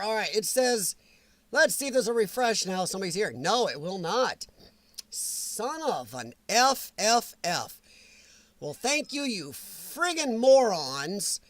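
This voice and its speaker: A man hosting a casual live-stream chat from his computer, rambling and grumbling about a software update. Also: high voice, no room sound.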